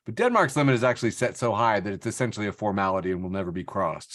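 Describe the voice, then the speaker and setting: A man hosting a casual podcast, reading social media posts aloud and laughing between jokes. His pitch swings widely as he talks, and the sound is close and dry with no room echo. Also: lively intonation, rapid-fire, few pauses, fairly bright tone. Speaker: podcast host. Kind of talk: casual chat.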